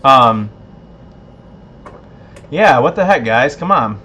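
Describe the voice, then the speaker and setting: A man's voice: medium pitch, animated, takes it slowly, sharp tone, breathy edge. A man hosting a casual livestream giveaway, laid-back, a bit tipsy and laughing often. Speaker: livestream host.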